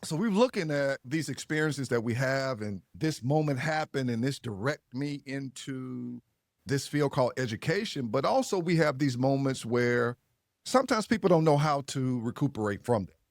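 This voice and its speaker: A man's voice: mid-range voice, expressive, moderate pace, dry recording, clean studio sound. A man hosting an interview podcast, reflecting on the guest's stories and affirming them, with occasional laughs. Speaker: podcast host. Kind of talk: interview talk.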